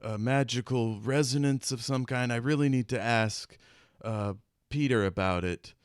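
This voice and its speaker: A man's voice: medium pitch, moderate pace, clean tone, dry recording, clean studio sound, lightly acted. A man voicing a scheming local man who flusters and blurts out secrets. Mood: flustered.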